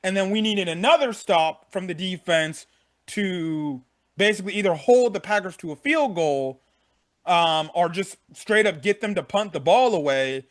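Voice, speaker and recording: A young man with a notably high-pitched voice talks through a game recap in a loose, unscripted way. He swears freely and keeps restating his points as he goes. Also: expressive, moderate pace. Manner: frank, profane, repeats himself. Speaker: sports fan vlogger. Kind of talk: casual game recap rant.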